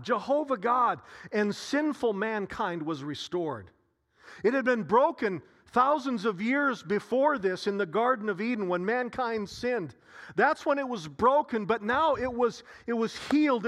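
A man preaching a sermon, repeating phrases with long dramatic pauses and sighs. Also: high-pitched, a bit bright. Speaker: pastor.

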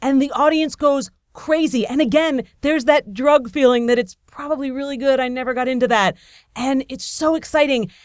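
A woman from Buffalo telling a personal story to an audience, excitable and breathless, acting out the voices of the people in it. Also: high-pitched, normal speed, no echo, studio quality. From Buffalo, New York, USA. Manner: excitable, breathless delivery, acts out quoted voices.

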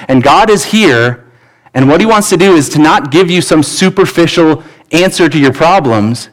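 A man's voice: fairly high pitch, moderate pace, low-quality recording. A pastor preaching a sermon in a church, earnest and pleading, often restarting his words. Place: church sanctuary.

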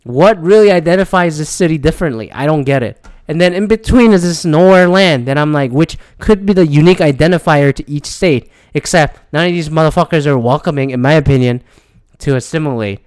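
A man with a slightly high voice rants in a casual, frustrated way, swearing constantly and stumbling over restarts. The sound is dry and close. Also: fairly quick, darkish tone, clear, resonant tone, no room sound. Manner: profane, frustrated, rambling with restarts. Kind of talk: casual rant.

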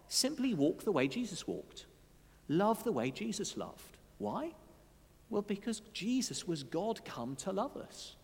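Animated male preacher in a reverberant hall. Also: high-pitched. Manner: conversational, with asides and dry humour. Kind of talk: sermon.

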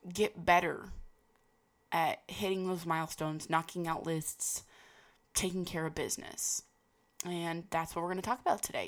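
A woman with a gravelly, lowish voice gives a casual, rambling personal talk, packed with fillers and restarts.

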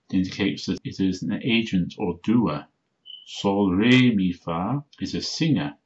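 Male podcast host, very low voice, methodical explainer, slightly dull lo-fi audio. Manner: methodical, reads out word lists slowly. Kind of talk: solo explanatory podcast talk.

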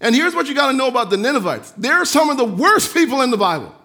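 A male pastor preaching a sermon, animated, acting out the voices he quotes and swinging from loud emphasis to quiet, soft asides. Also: very high-pitched, quick pace.

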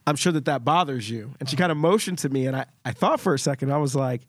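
A man's voice: medium pitch, animated, fast, no room sound, studio quality. A man co-hosting a podcast, telling stories earnestly in a casual discussion, often restarting his sentences. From Puerto Rico. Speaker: podcast co-host.

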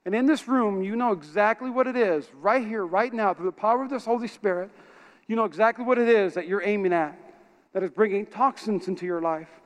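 A man's voice: sits high, brisk. A man preaching a sermon to his congregation in a church auditorium, telling stories with lots of energy and calling out to the crowd. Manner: energetic, animated storytelling with call-outs to the congregation. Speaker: pastor. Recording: reverberant hall.

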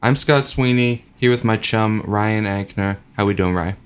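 A man's voice: on the low side, clean tone. A man co-hosting a casual podcast about movies and TV, joking and laughing often. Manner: jokey, laughs often, quick asides. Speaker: podcast co-host.

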